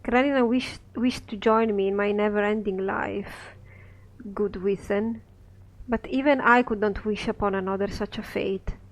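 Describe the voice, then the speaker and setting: A cold, sorrowful ancient wizard, read aloud by a man in his own voice, speaking in solemn, measured verse. The voice sits fairly high. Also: fairly even intonation, poor audio. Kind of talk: reading a scripted play aloud.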